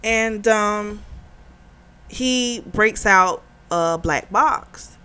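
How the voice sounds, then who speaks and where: A young adult woman who hosts a book club, retelling a novel's plot in casual, animated chat. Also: medium pitch, drawn-out words, smooth. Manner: chatty, animated retelling with quoted dialogue and laughs.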